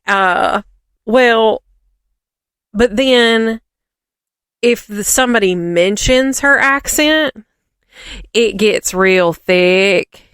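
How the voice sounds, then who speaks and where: A woman's voice: mid-range voice, very slow, pauses often, fairly bright tone, clear, resonant tone, no echo, clean studio sound. A woman co-hosting a podcast, rambling and ranting in casual chat with lots of fillers. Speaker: podcast co-host.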